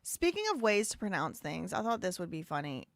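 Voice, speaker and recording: A woman's voice: fairly low pitch, very animated, fairly quick, creaky. A woman hosting a live stream, chatting casually, laughing and repeating phrases as she goes. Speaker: live show host.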